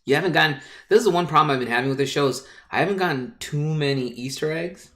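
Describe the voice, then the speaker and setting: A man hosting a casual podcast chat, excitable and rambling, full of fillers and quick asides. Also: a little high.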